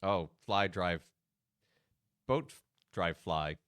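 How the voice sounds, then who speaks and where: A priest chats his way through a video game stream, rambling and full of fillers. His voice is on the low side but moves around in pitch a lot. The sound is dry and close to the mic. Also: expressive, takes it slowly, fairly bright tone, clean tone, no echo. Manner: chatty, rambling, many fillers. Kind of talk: casual gameplay commentary.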